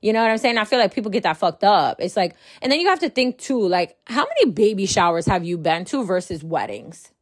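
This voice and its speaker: A woman in her early thirties delivers a frank, profane monologue, punctuating her points with rhetorical questions. Her voice sits at an ordinary middle pitch and is recorded close and dry, with no room sound. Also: very animated, fairly quick, hardly any pauses, dry recording. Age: 30s. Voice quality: blunt, profane, emphatic. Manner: rhetorical, keeps asking "right?". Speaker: host. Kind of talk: casual monologue.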